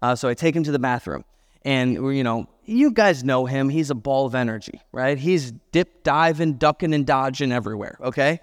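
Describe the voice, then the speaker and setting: A man's voice: medium pitch, lively intonation, normal speed. A man in his thirties, a pastor preaching a sermon and telling a self-deprecating personal story with chatty asides. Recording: long hall reverb.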